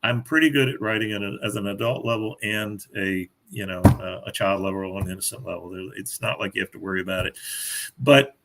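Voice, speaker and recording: A man's voice: on the low side, fairly quick, very noisy. An older man, a guest author, chatting casually and telling stories with frequent laughter. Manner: chatty storyteller, laughs often. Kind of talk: casual chat.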